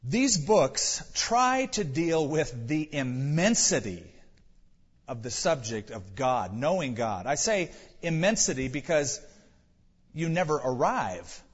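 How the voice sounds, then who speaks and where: A man's voice: on the high side, sing-song, slow, breathy edge, big-room sound. Pastor, male, earnest conversational preacher; dull, muffled recording. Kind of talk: sermon.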